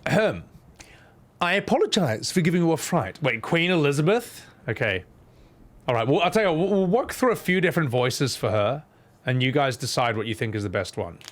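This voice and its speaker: A man's voice: medium pitch, expressive, brisk. A man streaming a game and voicing its scenes, making sarcastic, joking asides. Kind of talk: gameplay commentary.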